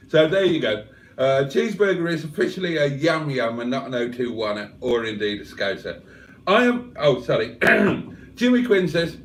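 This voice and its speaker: A man hosts a casual livestream and reads chat messages aloud, chuckling as he goes. He speaks slowly in a slightly raised voice. His voice rings around an echoey room. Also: a little high, very animated. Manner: chuckling often, chatty and self-deprecating. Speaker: livestream host reading viewer chat.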